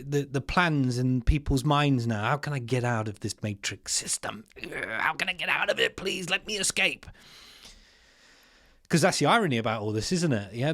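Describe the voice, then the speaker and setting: A man's voice: a little high, no echo, clean studio sound. A man, hosting an opinionated commentary with exasperated, sarcastic asides and slangy remarks. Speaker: commentary channel host.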